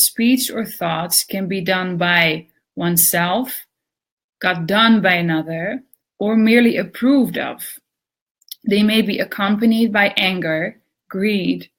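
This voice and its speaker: A woman co-presenting a yoga lesson, reading the commentary aloud in a steady, measured way. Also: mid-range voice.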